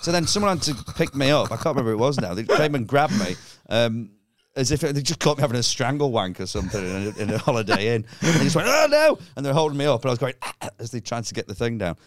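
A man chatting casually about a disastrous gig, his pitch leaping around as he acts out the people in his story. He swears freely. The sound is close and dry, with no room around it. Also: fast talker, few pauses, dry recording. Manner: animated, swears freely, acts out voices in stories. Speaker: stand-up comedian. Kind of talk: casual chat, storytelling anecdotes.

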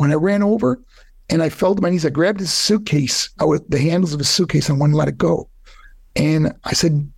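With vocal fry, a breathy edge, and a darkish tone, an older podcast guest tells a sincere, personal story, his pitch climbing when he's moved. The recording is dry.

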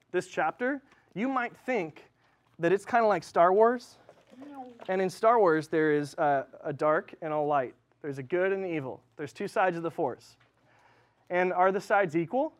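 High-voiced man preaching casually. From Southern California. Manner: casual, conversational, filler-heavy with likes and ums. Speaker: pastor. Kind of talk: sermon. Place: church.

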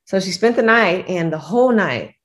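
A young woman as a guest in a casual chat, talking in a relaxed, agreeable way. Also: mid-range voice, moderate pace. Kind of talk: casual conversation.

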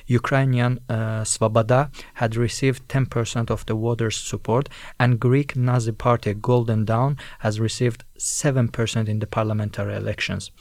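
Man, co-host, reads prepared text, earnest, some restarts, mid pitch, dry sound. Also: a little mellow, dry recording. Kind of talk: reading a prepared overview.

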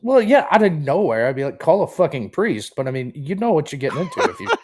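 Joking male co-host, lively pitch. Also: fast talker, slight background noise. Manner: joking, profane. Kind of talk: casual podcast banter.

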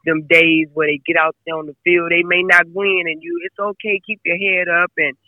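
Here a football player's mother, appearing as an interview guest, talks about her son in a chatty, emphatic way, often saying the same phrases again. Her voice is lowish with little pitch movement and a normal speed. The audio is narrow and tinny, with no room sound.

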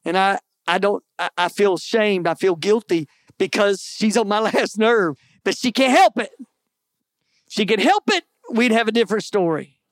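A man's voice: high voice, animated, moderate pace, no echo, studio quality. A middle-aged man preaching a sermon in an earnest, conversational way, with folksy asides to the congregation. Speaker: pastor.

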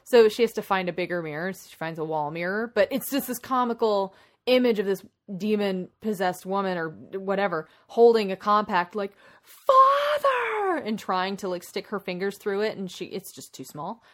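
A woman with an ordinary, mid-range voice talks casually as a podcast co-host. She rambles through a film's plot with lots of asides and restarts, animated and conversational. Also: mid-range voice, fairly quick. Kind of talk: casual chat.

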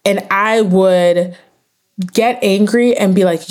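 A woman's voice: medium pitch, slow pace, darkish tone. A young adult woman, a therapist and author, earnestly explaining ideas in an interview and often checking in with "right?". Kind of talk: interview conversation.

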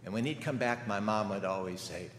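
An older man preaches as a guest in a church sanctuary, telling stories conversationally and posing rhetorical questions. His voice is fairly low and fairly quick, with a little hiss or hum, and the hall echoes with faint ambience.

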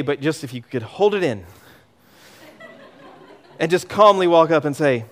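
A middle-aged man preaching a sermon as pastor, emphatic and animated, often repeating words as he goes. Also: on the high side, normal speed.

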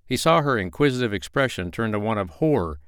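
A man narrating a romance novel chapter in a steady, even reading. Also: lowish voice, fairly quick, clean tone, dry recording, clean studio sound. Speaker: audiobook narrator. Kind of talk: scripted narration.

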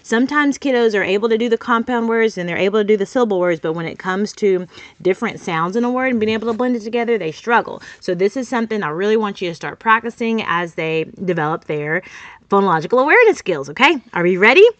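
A woman's voice: mid-range voice, animated, fast, no echo, lo-fi sound. A woman host, coaching young children on reading sounds in an upbeat, teacherly manner with sing-song emphasis, recorded in a small closet studio.

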